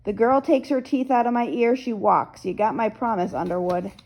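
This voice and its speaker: A woman's voice: a little high, normal speed, darkish tone, poor audio. A woman voicing a big, blunt teenage boy who grunts out his words. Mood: gruff. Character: big hulking teenage boy, whiny then gruff.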